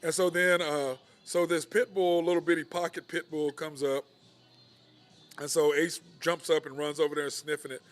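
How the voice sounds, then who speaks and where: Man, bar podcast host, laid-back storytelling, slightly high-pitched. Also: level tone, normal speed, soft background music. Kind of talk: casual chat.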